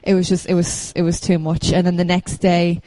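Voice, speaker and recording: A woman's voice: on the low side, completely flat delivery, normal speed, mellow, dry recording, rough recording. A woman, a podcast co-host, talking casually and earnestly. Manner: earnest, emotional retelling. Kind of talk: casual chat.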